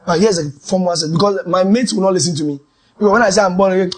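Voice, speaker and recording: A man preaching a sermon testimony, dramatic, swinging from shouted lines to hushed asides. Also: high voice, fast talker, slightly rough.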